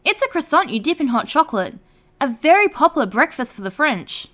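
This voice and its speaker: A woman narrating online stories aloud in a lively storytelling read. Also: high-pitched, a little fast.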